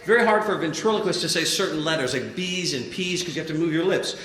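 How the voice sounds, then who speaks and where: A man's voice: on the high side, fast, a bit bright. A man performing a stand-up ventriloquism act on stage, playful and jokey, chatting with a volunteer from the audience. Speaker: ventriloquist comedian. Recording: roomy live venue with crowd.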